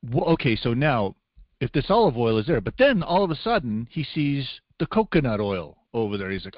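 A man's voice: mid-range voice, big pitch swings, no room sound. Guy cohosting a podcast, jokey and chatty, dry dull audio. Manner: joking, chatty, quick to agree. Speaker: podcast co-host. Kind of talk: casual chat.

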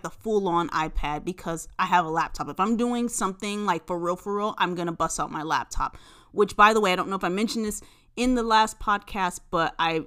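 A woman talking through a casual solo podcast episode in a middle-pitched voice. She swears freely and tells her story with lots of energy. Her delivery jumps between loud, excited bursts and quiet, grumbling asides. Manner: profane, animated storytelling with big swings between loud bursts and low mutters. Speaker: podcast host.

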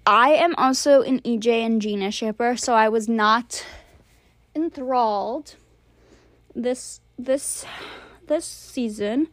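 A woman's voice: on the high side, slow, no room sound. A young woman chatting casually as she reviews movies and shows, rambling and blunt with lots of fillers. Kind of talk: casual monthly review chat.

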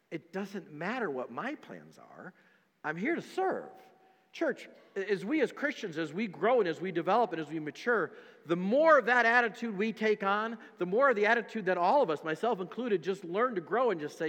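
A pastor preaching a sermon, emphatic and repetitive, dropping to quiet stretches between louder ones. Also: male voice, sits high, sing-song, normal speed, long reverb tail. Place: church sanctuary.

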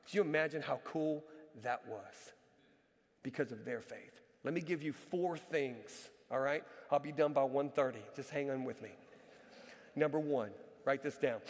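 A middle-aged man preaching a sermon as a pastor, lively and joking as he tells personal stories. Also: sits high. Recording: reverberant hall.

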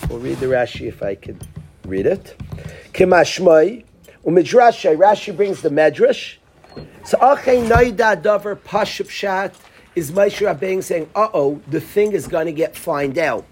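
A man giving a casual Torah class, animated and acting out the lines he quotes. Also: high voice, a little slow, slight background noise. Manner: animated, acts out quoted lines, restarts often. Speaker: Torah teacher.

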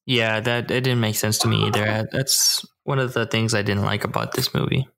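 A man co-hosting a podcast, talking casually about a movie in a halting, hesitant way with many fillers. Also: on the low side, steady tone, gravelly, a bit bright. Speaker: podcast co-host.

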